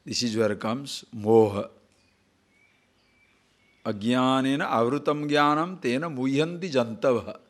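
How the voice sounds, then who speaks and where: An older man giving a spiritual discourse as a teacher, animated, asking rhetorical questions and chuckling now and then. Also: mid-range voice, a little slow, pauses often.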